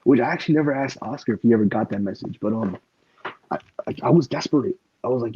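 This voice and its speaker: Quick-paced and mid-range, his dark, slightly rough voice carries a casual podcast chat where he rambles, swears freely, and piles on fillers. The audio is dull lo-fi.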